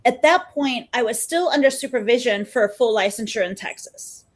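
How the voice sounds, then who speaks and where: A woman in her fifties talks as a podcast guest. Her voice sits a little high, and she tells stories with an easy, chatty energy. She slips into the voices of the people she quotes. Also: moderate pace. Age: 50s. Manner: chatty and animated, acts out quoted dialogue. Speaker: podcast guest, mental health therapist. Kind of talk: casual storytelling in a podcast interview.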